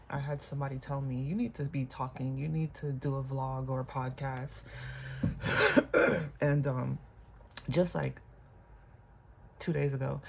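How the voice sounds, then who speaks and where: Gravelly-voiced vlogger speaking candidly. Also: medium pitch, a little hiss or hum. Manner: candid and reflective, with many pauses and fillers. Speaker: vlog host. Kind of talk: unscripted personal vlog.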